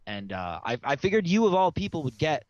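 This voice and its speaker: A man's voice: a little high, sing-song, brisk, no echo, dull audio. A man co-hosting a podcast, telling a story with lots of swearing and laughter. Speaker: podcast co-host. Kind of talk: casual podcast banter.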